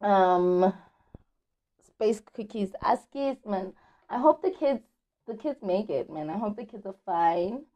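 A woman's voice: mid-range voice, lively intonation, takes it slowly, muffled recording. A woman hosting a podcast, chatting casually about celebrity gossip in a slangy, chatty way and stretching words out for emphasis. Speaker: podcast host.

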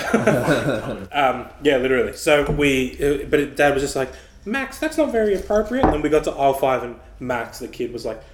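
A young Australian man co-hosting a casual podcast, telling anecdotes in a lively way and laughing through them. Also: medium pitch, normal speed, a little hiss or hum. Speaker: podcast co-host. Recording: roomy echo.

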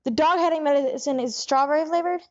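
High-voiced woman host, puzzled questions. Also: fast, dull audio. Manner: puzzled, keeps asking questions. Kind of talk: improvised comedy interview.

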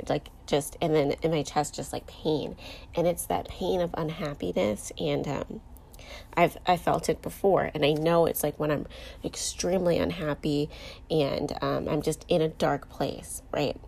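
Low-pitched, gravelly woman, candid and emotional. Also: a little mellow. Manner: candid, emotional, with many fillers. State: close to tears. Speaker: podcast host. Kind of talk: personal podcast monologue.

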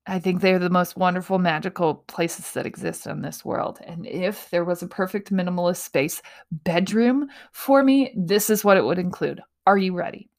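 A woman hosting a casual motivational talk, playful and quick to laugh at herself, often dropping into breathy whispers. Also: lowish voice, a little mellow.

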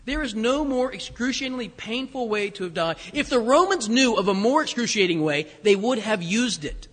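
A man's voice: sits high, expressive, normal speed, fairly bright tone. A man preaching a sermon in a conversational way, often correcting himself and asking the congregation rhetorical questions. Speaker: pastor. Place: church sanctuary. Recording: long hall reverb.

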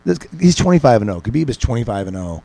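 A man's voice: mid-range voice, big pitch swings, fast, vocal fry, dark tone, no room sound, low-quality recording. A man guest on a sports podcast, talking mixed martial arts in a rambling, casual way with many restarts and fillers. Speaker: podcast guest, MMA pundit.

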